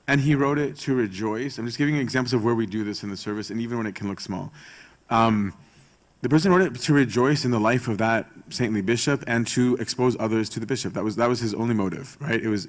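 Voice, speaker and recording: Casual-talking priest teaching. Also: male voice, fairly low pitch. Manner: casual, keeps asking "right?" and acts out gossip in quoted voices. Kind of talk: conversational teaching talk to church servants.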